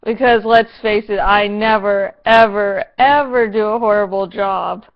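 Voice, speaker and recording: A woman's voice: mid-range voice, fairly even intonation, measured pace, highs cut off. A woman reviewing a TV episode in a casual vlog, sarcastic, playful and given to swearing.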